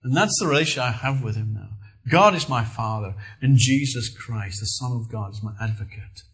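A middle-aged man delivers a sermon in an earnest storytelling manner. His voice sits at an ordinary middle pitch, and he leans into lively emphasis as he preaches. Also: moderate pace, low-quality recording.

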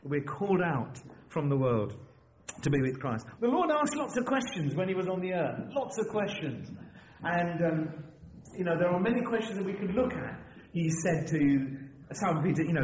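Lively, animated male preacher, lo-fi. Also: sits high, moderate pace. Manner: lively, conversational preaching with frequent restarts. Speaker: visiting preacher. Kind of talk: sermon. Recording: dull lo-fi church recording with faint hiss.

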